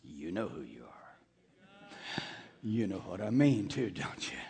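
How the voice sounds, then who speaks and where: A man preaching a sermon, telling stories dramatically and swinging from near whispers to shouts. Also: deep voice, very animated, slow, in a large hall.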